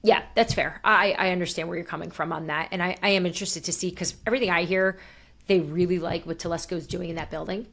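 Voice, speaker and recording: A woman's voice: lowish voice, steady tone, quick pace, vocal fry, fairly bright tone. Woman co-hosting a sports chat. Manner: conversational, reads questions aloud with asides. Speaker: podcast co-host reading listener questions.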